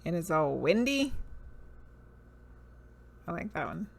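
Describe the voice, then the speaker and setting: Speaking slowly with frequent pauses, a woman with a Southern US accent uses an expressive, creaky, medium-pitched voice. She's livestreaming, casually musing over cards, reading their names aloud and chatting with viewers.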